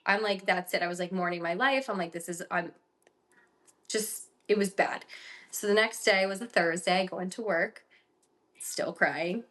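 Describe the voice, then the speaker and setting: A woman's voice: medium pitch, moderate pace, fairly bright tone. A young woman co-hosting a casual podcast, telling a personal story animatedly with lots of "like" fillers. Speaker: podcast co-host.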